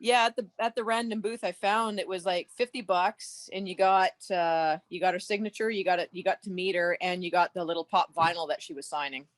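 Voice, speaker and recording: Lively storytelling woman with swearing. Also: lowish voice, fairly quick, hardly any pauses, no echo. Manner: animated storyteller, swears freely. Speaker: guest at a podcast meet-up. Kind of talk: casual chat. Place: home, on a video call. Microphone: video call.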